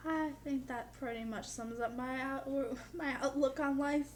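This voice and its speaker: A woman's voice: high-pitched, fairly even intonation, takes it slowly, background noise. A young woman vlogging in a casual, chatty way, with dry humor and lots of "like". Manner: chatty, peppered with "like". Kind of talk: casual chat to camera.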